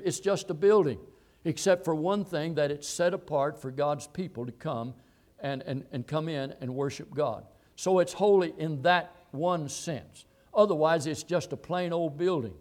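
High-voiced preacher hollering a sermon. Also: male voice. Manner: builds from calm teaching to hollering. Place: church with pulpit.

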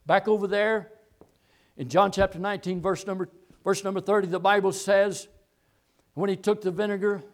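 A male pastor preaching a sermon, moving from low, quiet asides to loud, impassioned passages.

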